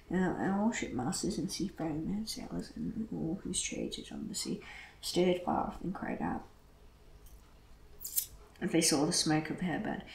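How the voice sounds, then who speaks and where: Scripture reader, gravelly tone, measured pace, echoey room, faint hiss. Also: mid-range voice. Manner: steady, measured reading with occasional restarts. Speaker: Bible reader. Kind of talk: reading scripture aloud.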